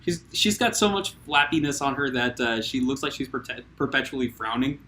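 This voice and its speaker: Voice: mid-range voice, animated, normal speed, pushed and bright, roomy sound, a little hiss or hum. A podcast co-host chatting playfully and teasing the others. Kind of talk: casual chat.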